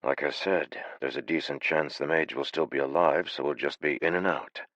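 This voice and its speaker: A man voicing a calm unflappable leader. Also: a bass voice, normal speed, dry recording, highs cut off. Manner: calm, flat, matter-of-fact.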